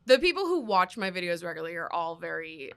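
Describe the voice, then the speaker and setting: Self-deprecating female podcast guest, animated and bright. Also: lowish voice, fast talker, vocal fry, clean tone. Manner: laughs often, self-deprecating. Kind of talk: casual podcast chat.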